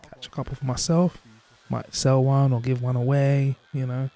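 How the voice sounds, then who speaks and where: Brief: man voicing an easygoing old fisherman, unhurried and mid-pitched. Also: level tone, warm tone, natural voice. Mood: laid-back. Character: laid-back retired old fisherman.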